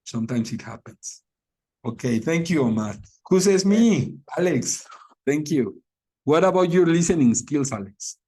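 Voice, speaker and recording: A man's voice: on the high side, expressive, measured pace, warm tone. Hesitant man teaching an English class. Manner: hesitant, many fillers. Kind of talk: online class discussion.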